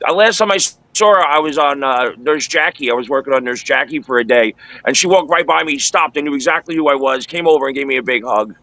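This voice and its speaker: A man's voice: medium pitch, fairly quick, hardly any pauses, sharp tone, no echo, rough recording. A man telling stories as a guest in a casual interview, blunt and crude in a laid-back way. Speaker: guest, former radio worker and film-set stand-in.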